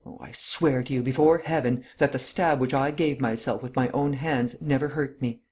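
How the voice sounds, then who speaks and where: A cruel, gloating widow , read by a man in a mid-pitched voice, savours her triumph over a trapped rival. She mocks with deliberate weight on each word. Her voice sits at an ordinary middle pitch. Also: steady tone, darkish tone, husky, natural voice. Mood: gloating scorn. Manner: mocking, gloating, stresses every syllable. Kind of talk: audiobook character reading.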